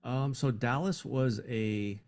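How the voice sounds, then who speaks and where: A man's voice: mid-range voice, slow pace, darkish tone. A man co-hosting a casual sports talk show, chiming in briefly. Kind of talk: casual live sports chat.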